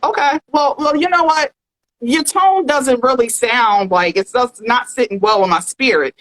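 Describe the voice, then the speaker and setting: A woman's voice: a little high, normal speed, fairly bright tone, close to an everyday voice, low-quality recording. A woman putting on a haughty, demanding diva pop star, sassy and imperious. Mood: airy, haughty. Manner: sassy, imperious, calls for champagne.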